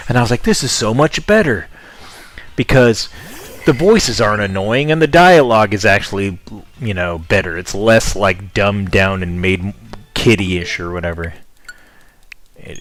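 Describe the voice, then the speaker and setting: A young American man with a notably deep, low voice, talking to his viewers in a loose, rambling way as he plays. His delivery is chatty and offhand, and he drifts from one thought to the next. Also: a bit bright. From United States. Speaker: streamer. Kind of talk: casual chat with viewers while playing.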